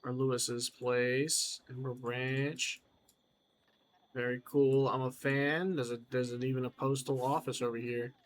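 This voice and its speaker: A man chatting his way through a game, wry and self-amused as he pokes around and remarks on what he finds. His voice sits at an ordinary middle pitch. A faint hiss runs under it. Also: little pitch movement, measured pace. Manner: chatty, wry, talks to himself while exploring. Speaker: gamer. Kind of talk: let's play commentary.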